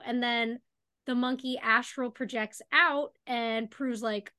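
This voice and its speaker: A woman's voice: a little high, steady tone, unhurried, bright, forceful tone. A woman co-hosting a podcast, chatting casually about a TV episode and filling her talk with "like". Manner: chatty, lots of "like". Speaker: podcast co-host. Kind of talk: casual recap chat.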